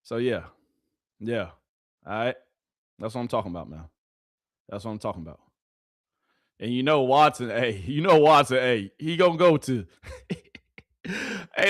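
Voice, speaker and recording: A man hosts a live stream and talks straight to his chat. His voice is mid-pitched and swings widely, from low and quiet to sudden high bursts. The sound is dry and close to the mic. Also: moderate pace, long pauses, dry recording. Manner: animated, repeats phrases, talks to chat. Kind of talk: casual live-stream commentary.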